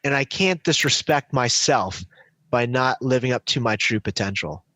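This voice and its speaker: A man speaking as a guest on an interview podcast, reflective, with frequent restarts, growing lively when he tells stories. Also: mid-range voice, moderate pace, no room sound, low-quality recording. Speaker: business finance coach as podcast guest. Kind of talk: casual interview storytelling.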